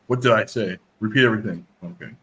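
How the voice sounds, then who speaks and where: A man's voice: fairly low pitch, fast, sharp tone, slightly rough, rough recording. A man chatting casually on a live stream, joking and acting out voices as he tells stories. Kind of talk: casual chat.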